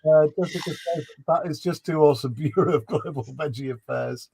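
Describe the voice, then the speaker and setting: Male streamer, loose and giggly, rattling off chat comments, slightly higher pitch. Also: brisk, creaky, warm tone, husky. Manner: reads chat messages aloud with frequent laughs and fillers. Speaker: livestream host reading chat. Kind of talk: casual chat.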